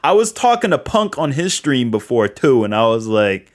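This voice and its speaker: Animated man with a Boston accent. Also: mid-range voice, moderate pace. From New England. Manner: rambling, animated, full of fillers and quoted dialogue. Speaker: livestream host. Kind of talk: casual livestream talk.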